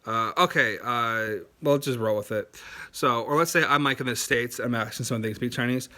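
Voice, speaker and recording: A man's voice: mid-range voice, brisk, sharp tone. A man hosting a language-learning video, explaining in a chatty, unscripted way with many fillers and restarts, sounding words out to demonstrate. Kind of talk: casual explainer to camera.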